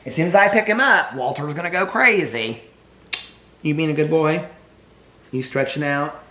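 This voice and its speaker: Man vlogging from home, cooing baby talk to his dogs, loose rambling asides, very animated voice. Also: on the high side, moderate pace. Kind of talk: casual daily vlog. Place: home, indoors.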